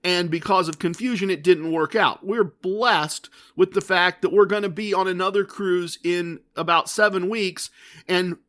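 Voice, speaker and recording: A middle-aged man hosting a podcast, telling a personal story in a casual monologue and acting out the conversations slowly and with emphasis. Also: sits high, steady tone, sharp tone. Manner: deliberate, re-enacting dialogue with emphatic slow repetition. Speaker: podcast host.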